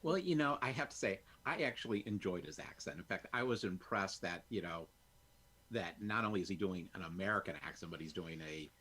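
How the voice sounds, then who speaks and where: Very deep-voiced male podcast guest. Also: expressive, fairly quick, pushed and bright, husky. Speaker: guest, voice actor. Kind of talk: casual film discussion.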